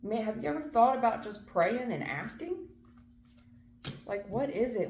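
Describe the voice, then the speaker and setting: A woman's voice: a little high, expressive, moderate pace, darkish tone, echoey room, slight background noise. A woman doing a casual tarot reading, earnest and emphatic, repeating phrases and swearing now and then. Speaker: tarot reader.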